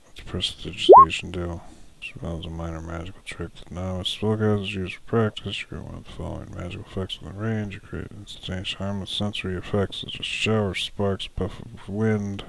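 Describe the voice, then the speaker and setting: A man's voice: low voice, sing-song, fairly quick, vocal fry, sharp tone, slight background noise. A man running a solo tabletop game as dungeon master, musing aloud, correcting himself and chuckling often.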